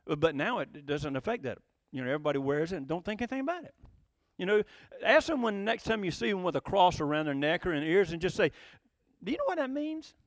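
A man delivers a sermon in a high, lively voice that leaps around as he speaks. He fires rhetorical questions and chuckles between points. The sound is close and dry. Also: fast talker, no echo. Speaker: preacher.

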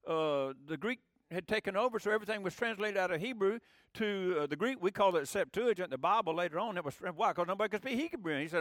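A man's voice: sits high, lively intonation, fast, fairly bright tone, no room sound, clean studio sound. A man preaching a sermon in a conversational way, his voice rising for emphasis. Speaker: pastor.

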